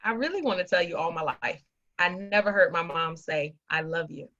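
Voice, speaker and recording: A woman's voice: lowish voice, animated, a little fast, pushed and bright. A woman guest on a podcast telling a personal family story earnestly and with emotion. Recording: dull lo-fi audio.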